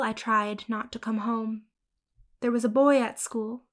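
A woman narrating a horror short story in a measured, grim, unhurried way. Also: a little high, steady tone.

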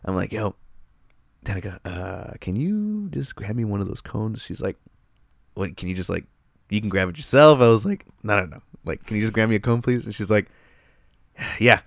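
A man telling a story in casual chat, animated and profane, laughing often. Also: on the low side, normal speed, creaky, dry recording.

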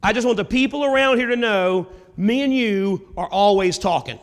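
A man's voice: high voice, normal speed. A man voicing a frustrated male religious teacher in casual modern words. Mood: earnest. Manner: casual modern paraphrase, exasperated. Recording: long hall reverb.

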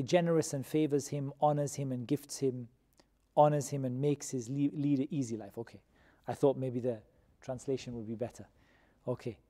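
A man teaching a Quran commentary class, who questions his students and repeats key terms slowly. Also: medium pitch, a little mellow. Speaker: religious teacher. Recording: long reverb of a hall.

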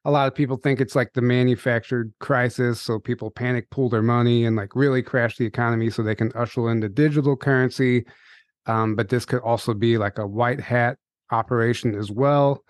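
A man's voice: mid-range voice, steady tone, fairly quick, dry recording, studio quality. A man hosting a podcast, reading the promos and interviewing a guest in a casual, upbeat way with frequent fillers. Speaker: podcast host.

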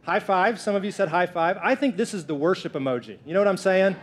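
A male pastor in his thirties preaching to his congregation. He talks in a playful, joking way, teasing the crowd before turning to scripture. His voice sits a bit on the high side. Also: fast, slight background noise. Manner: playful, lively, jokes with the congregation. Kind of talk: sermon. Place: church.

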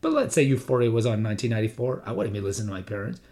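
A man's voice: fairly low pitch, big pitch swings, rapid-fire, darkish tone. A middle-aged man hosting a solo podcast, talking in a conversational, rambling way with frequent restarts. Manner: briefly mimics his father's voice and accent. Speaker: podcast host.

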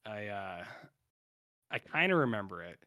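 A man's voice: lowish voice, sing-song, measured pace, bright, forceful tone. Rambling man recapping a show. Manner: rambling, acts out characters' lines in quotes. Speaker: podcast co-host. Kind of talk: casual chat recapping a TV show.

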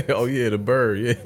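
A young man in casual podcast chat, telling stories full of swearing and breaking into loud laughter. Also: medium pitch. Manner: profane storytelling, bursts into loud laughter.

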